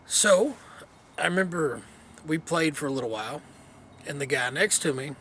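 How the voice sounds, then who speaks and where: A man's voice: on the high side, lively intonation, normal speed, a bit bright. A man vlogging outdoors in the cold wind, casually telling a story in a rambling, laid-back way with many fillers.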